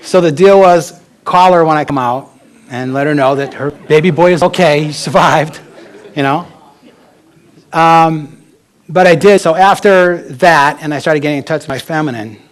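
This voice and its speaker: A man's voice: on the high side, normal speed. A middle-aged American man giving a talk as an author, telling personal stories in a candid, rambling way with asides.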